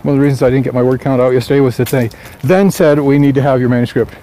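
An author vlogging outdoors talks through his morning in a casual, rambling way, with restarts and small fillers. His medium-pitched voice is mellow and warm rather than bright, fairly even in intonation and racing in pace. Faint traffic and street noise sit behind him.

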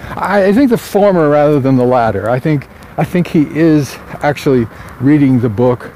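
A man talks through his morning in a casual, rambling vlog, full of restarts and small fillers. His voice is mellow and warm rather than bright. Faint traffic and street sounds sit behind him outdoors. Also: fairly high pitch, expressive, moderate pace. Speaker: author vlogging.

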